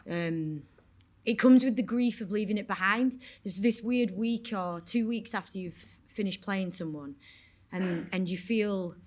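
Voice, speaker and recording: A woman with a Yorkshire accent speaking frankly on stage at a panel Q&A, rambling and swearing casually. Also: medium pitch. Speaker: actor on a panel. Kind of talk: candid Q&A talk. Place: stage at a cinema event.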